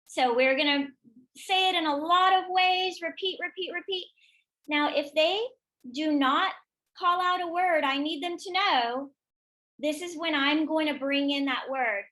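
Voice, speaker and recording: High-voiced woman explaining classroom routines. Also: unhurried, sharp tone. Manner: models classroom chants and call-outs with bursts of energy. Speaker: teacher trainer. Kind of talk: professional development talk.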